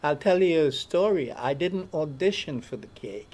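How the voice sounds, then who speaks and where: A fairly high-voiced man shares stories from touring life as an interview guest. He tells them animatedly and slips into the voices of the people he quotes. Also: moderate pace. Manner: animated storyteller who acts out the voices he quotes. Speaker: touring band musician, guest. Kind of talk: storytelling in an interview.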